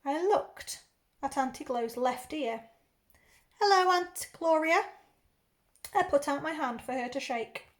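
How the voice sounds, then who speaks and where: High-voiced English woman reading aloud. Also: unhurried. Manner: expressive, puts on character accents. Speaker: teacher. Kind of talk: reading a children's novel aloud.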